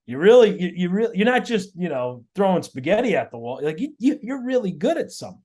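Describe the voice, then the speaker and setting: A man, a guest on an interview show, tells his stories in an animated way and often repeats words and restarts mid-sentence. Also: sits high, quick pace. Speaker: guest, auto body shop owner. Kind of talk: storytelling in a podcast interview.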